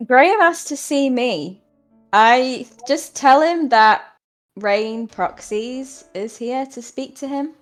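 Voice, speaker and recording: A woman's voice: high-pitched, takes it slowly, faint music behind. Casual woman playing a tabletop game. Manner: exasperated, casual. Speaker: player.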